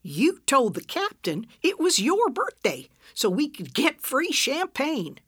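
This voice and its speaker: Woman doing a feisty old lady, higher pitched, indignant, quick comebacks, lively swoops. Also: dry recording, clean studio sound, exaggerated voice. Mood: bickering. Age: 70s. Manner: sharp, indignant retorts. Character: feisty elderly woman, quick-tongued and prickly.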